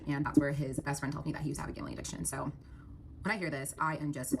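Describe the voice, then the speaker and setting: A woman telling her personal story in a quick, breathless storytime monologue. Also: sits low, flat delivery, gravelly. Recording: noisy clip.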